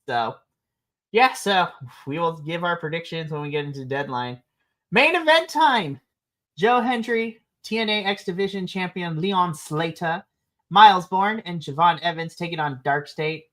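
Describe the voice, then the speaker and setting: A woman co-hosting a wrestling podcast, chatting casually, laughing often and acting out wrestlers' lines. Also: low-pitched. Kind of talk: casual review chat. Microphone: streaming mic.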